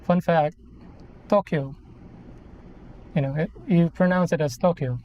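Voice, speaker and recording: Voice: mid-range voice, steady tone, fairly quick, mellow, muffled recording, a little hiss or hum. A person in their thirties from the Philippines, chatting casually on a live stream in a rambling, self-correcting way. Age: 30s. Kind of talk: casual live-stream chat while building a model kit.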